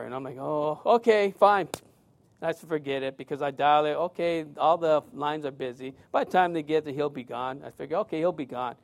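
A man with a notably high-pitched voice preaches a sermon in an easygoing, conversational way. He slips into animated storytelling and acts out the lines of the people in his story. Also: moderate pace.

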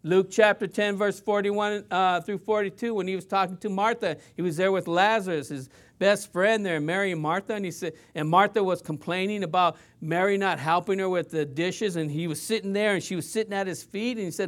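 A pastor preaching with a high-pitched voice. He is impassioned, and his delivery swings from loud appeals to hushed, quiet passages. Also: steady tone, fairly quick, hardly any pauses. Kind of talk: sermon.

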